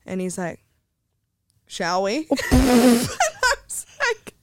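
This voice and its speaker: A woman's voice: high voice, slow pace, a little hiss or hum. A young woman, a podcast guest telling stories animatedly in casual chat. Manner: animated storytelling, swearing, laughing.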